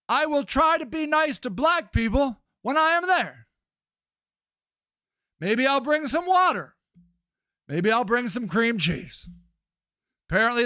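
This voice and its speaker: A man's voice: very high-pitched, pushed and bright, no room sound, clean studio sound. A middle-aged man hosting a live stream, reading chat and talking back in a sarcastic, profane, rambling way.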